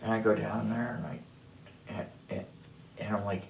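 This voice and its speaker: A man's voice: on the low side, flat delivery, normal speed, vocal fry, long pauses, darkish tone. A middle-aged or older man, a production designer telling stories in a casual chat, restarting often and acting out what others said. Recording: echoey room.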